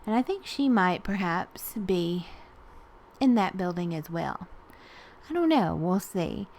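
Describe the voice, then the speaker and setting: A Southern woman from Tennessee chatting casually through a voice-over as she makes a collage art journal page, rambling with fillers and soft laughs. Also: on the low side, animated, takes it slowly, slight background noise. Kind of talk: casual voice-over narration while crafting.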